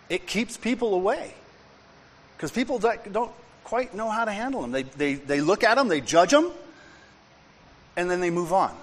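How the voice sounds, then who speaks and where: A pastor preaching a sermon, telling a personal story in a conversational way and building to emphatic, repeated points. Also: male voice, mid-range voice, fairly bright tone, a little hiss or hum. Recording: long reverb and faint room ambience.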